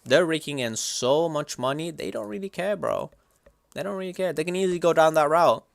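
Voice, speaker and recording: A young man livestreaming, chatting casually and reacting to chat in a slangy, animated way. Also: fairly high pitch, a little fast, vocal fry, dry recording, clean studio sound.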